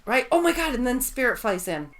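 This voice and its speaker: A woman co-hosting a casual podcast chat, excitable and rambling, swearing freely as she tells stories. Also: a little high, a little fast, soft background music. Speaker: podcast co-host.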